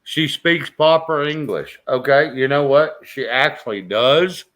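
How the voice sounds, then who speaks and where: A man's voice: medium pitch, a little slow, a bit bright. A man hosting a casual call-in livestream, joking and greeting callers. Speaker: livestream host.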